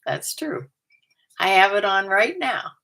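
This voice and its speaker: A woman's voice: medium pitch, big pitch swings, slow, vocal fry, sharp tone. An older woman vlogging at home, chatting through a numbered list about herself and often laughing at her own remarks. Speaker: vlogger and part-time reseller. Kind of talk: casual chat to camera, going through a numbered list.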